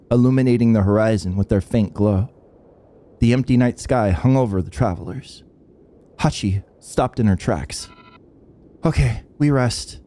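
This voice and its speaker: A man hosting a game playthrough, reading the story aloud and reacting with laughs and quick comments. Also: fairly low pitch. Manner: lively, laughs and reacts mid-read. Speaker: let's play host.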